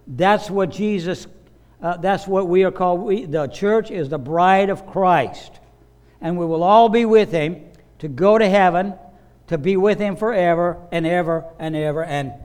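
A pastor preaching a sermon, earnest with playful asides. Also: male voice, high voice, darkish tone.

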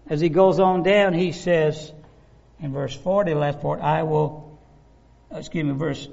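A man preaching a sermon, animated and conversational, acting out the voices of the people he describes. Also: high voice, normal speed, vocal fry. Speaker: pastor. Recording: dull lo-fi recording.

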